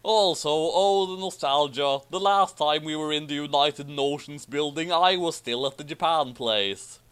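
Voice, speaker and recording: A man's voice: a little high, measured pace, a bit bright, smooth. A man doing a comedic reading of a fan story with commentary, theatrical and hammy, laughing often. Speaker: fanfiction reader and commentator.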